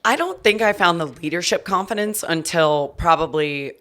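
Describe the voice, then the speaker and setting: A woman in her thirties, a podcast guest, telling stories in a candid, animated way with many likes and restarts. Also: on the low side, normal speed. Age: 30s. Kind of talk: casual conversational storytelling.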